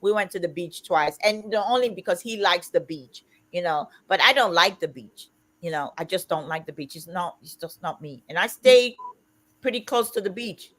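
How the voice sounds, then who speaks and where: Loud outspoken woman in her fifties. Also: fairly low pitch, animated, moderate pace. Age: 50s. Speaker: livestream host. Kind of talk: casual livestream chat.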